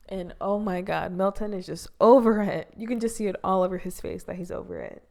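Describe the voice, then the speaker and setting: A woman's voice: medium pitch, fairly even intonation, a little fast, gravelly, hardly any pauses, a little mellow. Chatty young woman, exasperated recap. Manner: exasperated, heavy use of "like". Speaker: YouTuber recapping a reality show.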